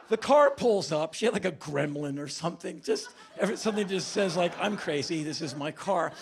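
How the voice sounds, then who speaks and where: A man in his fifties telling a stand-up story on stage, with a deadpan, politely mock-formal delivery. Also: high-pitched, brisk, creaky, hardly any pauses, noisy background. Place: stage before a laughing audience.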